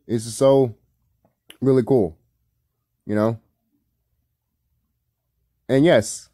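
A man's voice: mid-range voice, expressive, unhurried, mellow, no room sound, clean studio sound. A man giving casual, rambling reaction commentary on a cartoon, full of fillers, swearing and laughter. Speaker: video commentator.

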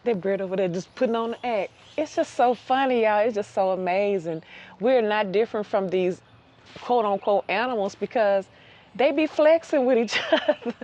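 A woman giving a casual outdoor tarot reading, lively and chatty, laughing often and repeating phrases for emphasis. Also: mid-range voice, normal speed, lo-fi sound. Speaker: tarot reader.

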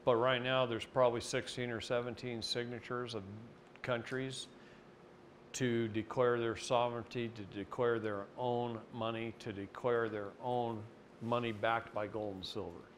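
A middle-aged man from Oregon speaks at a live seminar, mixing plain explanation with lively anecdotes. His voice sits in an ordinary middle pitch, and there is a faint hum of room noise behind him. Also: unhurried. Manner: folksy, animated, mocking voices in anecdotes. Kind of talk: live seminar talk with storytelling.

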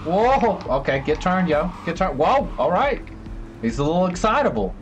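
A male streamer riffing through live gameplay commentary, excitable and full of jokes. His voice sits slightly high and swings widely in pitch as he talks. There is a faint hiss behind him. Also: normal speed, highs cut off. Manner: excitable, joking, chatty.

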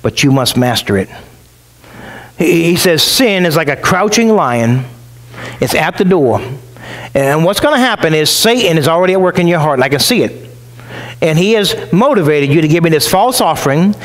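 A man's voice: fairly high pitch, expressive, moderate pace, poor audio. A male pastor preaching a sermon in a conversational way, acting out the voices of the people he quotes. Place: church.

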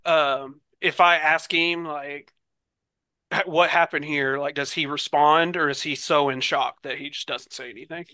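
Bright, crisp-voiced man thinking aloud. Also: a little high, steady tone, a little slow, dry recording. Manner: hesitant, many ums and likes, thinking aloud. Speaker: player. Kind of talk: casual tabletop role-play.

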